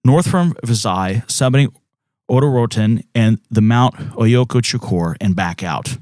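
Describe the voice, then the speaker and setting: A man's voice: mid-range voice, lively intonation, a little slow, darkish tone, dry recording, clean studio sound. A man co-hosting a podcast, reacting with jokes and reading trip details casually. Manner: jokey reactions, mock voices. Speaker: podcast co-host. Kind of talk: casual chat.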